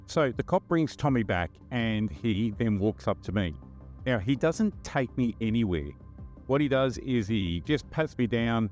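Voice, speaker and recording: A man's voice: mid-range voice, expressive, unhurried, a little mellow, faint music behind. A man, a podcast host recounting his undercover days in a plain-spoken, wry first-person telling. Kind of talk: first-person true-crime storytelling.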